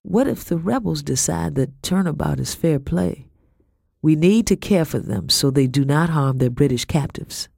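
A man's voice: on the high side, expressive, normal speed, gravelly, darkish tone, dry recording, clean studio sound. A man voicing a grave, wealthy elderly widow of a lord. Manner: grave, earnest.

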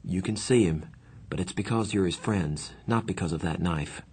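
A man's voice: low voice, moderate pace, a little mellow, breathy edge. A man reading a novel aloud, voicing an unflappable adult doctor who speaks steadily and levelly. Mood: calm.

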